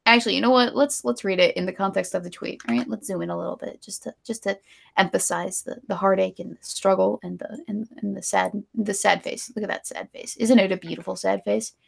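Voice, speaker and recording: A woman's voice: mid-range voice, fairly even intonation, a little fast, creaky. A woman co-hosting a casual live stream, ranting with strong opinions and reading viewer donations. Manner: opinionated ranting, then giggly and apologetic. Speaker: stream co-host.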